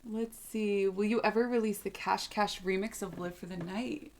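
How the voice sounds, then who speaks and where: A woman's voice: medium pitch, normal speed. A woman hosting a casual livestream Q&A, chatty, with lots of fillers, reading fan comments aloud. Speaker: band member hosting a fan Q&A stream.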